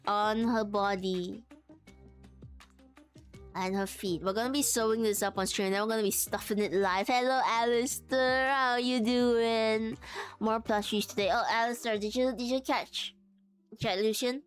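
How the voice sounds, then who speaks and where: A chatty woman with a slightly high voice talks through a sewing stream from her home desk. She laughs often and breaks off to greet her chat. Faint music plays underneath. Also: unhurried, long pauses, clean tone. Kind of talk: casual live crafting stream.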